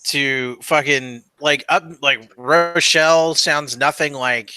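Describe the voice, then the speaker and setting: A man's voice: a little high, steady tone, slow, sharp tone, smooth, low-quality recording. A man with a Canadian accent chatting casually, rambling through his points. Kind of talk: casual group chat.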